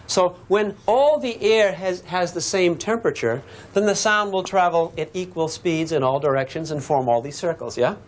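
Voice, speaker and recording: A man's voice: high-pitched, moderate pace. A man from Massachusetts teaching a physics lesson, telling stories and chatting with the class as he draws on the board. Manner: animated storyteller, acts out shouted dialogue; chatty, asks the class questions. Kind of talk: classroom lecture with demonstration.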